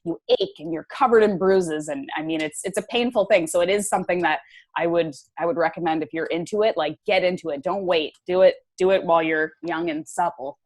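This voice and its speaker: Lower-pitched woman in her thirties. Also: a little fast, a little mellow. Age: 30s. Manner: enthusiastic, talks in loose run-on phrases. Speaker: podcast guest, fitness writer. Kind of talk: casual interview chat.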